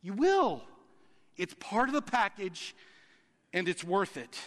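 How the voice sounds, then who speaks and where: A man preaching a sermon, animated and playful, acting out quoted reactions and laughing between points. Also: sits high, slow, big-room sound. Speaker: pastor.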